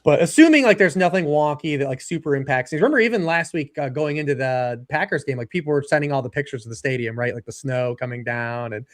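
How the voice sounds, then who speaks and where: A man analyzing sports in casual chat, reeling off stats quickly and dropping dry jokes. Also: mid-range voice, expressive. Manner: rapid stat-heavy talk with dry jokes.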